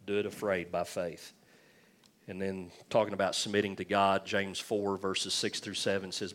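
A man's voice: low voice, level tone, moderate pace, fairly bright tone. A man preaching a sermon as pastor, talking conversationally with jokes and frequent restarts.

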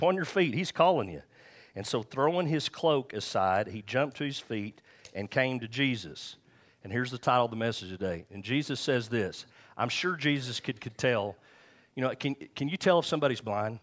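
A middle-aged man preaching a sermon. He talks in a somewhat low voice and keeps it conversational, with asides and repeated phrases. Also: a bit bright. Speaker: pastor.

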